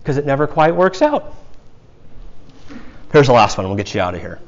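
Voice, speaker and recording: A man's voice: medium pitch, very animated, normal speed, long pauses, dull audio. A male pastor from the United States preaching a sermon in a conversational way, with casual asides to the congregation.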